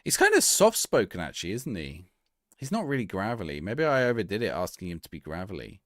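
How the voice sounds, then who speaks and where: A man's voice: lowish voice, big pitch swings, quick pace, fairly bright tone, no room sound, clean studio sound. Playful man streaming a game. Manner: playful, joking, talks to the game and AI. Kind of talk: live gameplay commentary.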